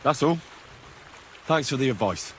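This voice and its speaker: An earnest young male hero played by a man in a medieval video game, asking direct questions with a lively, rising and falling pitch. Faint background noise sits behind his voice. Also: unhurried, close to an everyday voice. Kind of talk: studio video game dialogue.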